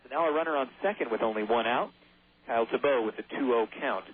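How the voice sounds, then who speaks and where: A man's voice: mid-range voice, fast talker, husky. A man calling baseball play-by-play on the radio, chatty and given to jokey asides. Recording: tinny phone-like radio broadcast.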